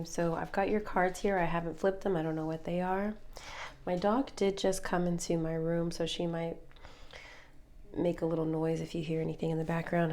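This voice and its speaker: Tarot reader, woman, casual and rambling, slightly low voice, talks to viewers from home. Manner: chatty, rambling, calls viewers babe and baby. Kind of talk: casual tarot reading to camera. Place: her room at home.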